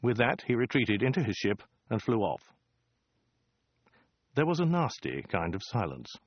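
A man's voice: mid-range voice, wildly swooping pitch, measured pace, no room sound, muffled recording. A man narrating a comic science fiction story in a dry, wry storytelling manner. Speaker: audiobook narrator.

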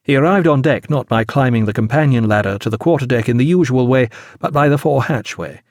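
A man narrating a sea novel as an audiobook, expressive and measured. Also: mid-range voice, no room sound, clean studio sound.

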